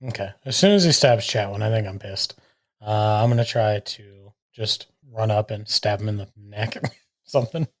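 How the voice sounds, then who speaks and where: A man's voice: on the low side, normal speed. A man playing in a tabletop game, checking the rules and eager to attack. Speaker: player. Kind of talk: tabletop game play, casual chat.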